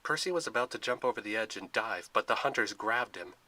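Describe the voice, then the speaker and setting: A man reading a storybook adventure aloud with steady, expressive narration. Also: fairly low pitch, brisk, low-quality recording.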